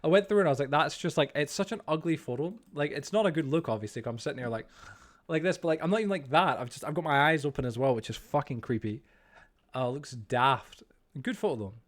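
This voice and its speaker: A man's voice: a little high, fast. A man chatting casually while streaming a game. He rambles, swears freely, stammers and pokes fun at himself. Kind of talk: casual chat while gaming.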